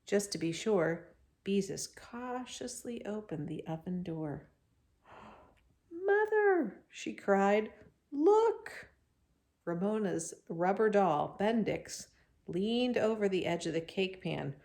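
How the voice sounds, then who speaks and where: A woman reads a chapter book aloud to children with lots of expression, pausing now and then for chatty asides to them. Her voice is mid-range and her pace unhurried.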